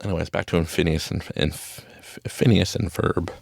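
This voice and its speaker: A man's voice: low voice, fairly even intonation, moderate pace, vocal fry, darkish tone, dry recording, studio quality. A man hosting a podcast, talking through a casual, rambling motivational monologue from a small closet and laughing often. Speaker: podcast host.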